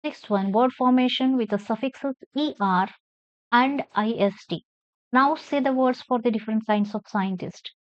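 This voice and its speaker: A woman with a fairly high voice teaches English, spelling each word out letter by letter and leaning hard on the stressed syllable. Her delivery is slow and deliberate. The recording sounds dry and a little dull. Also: no echo. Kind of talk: classroom lesson, spelling words out and reading aloud.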